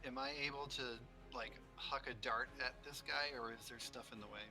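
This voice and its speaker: Playful man with a very bright voice. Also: medium pitch, fairly quick, soft background music, poor audio. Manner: playful, excitable. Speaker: player. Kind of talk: tabletop game play.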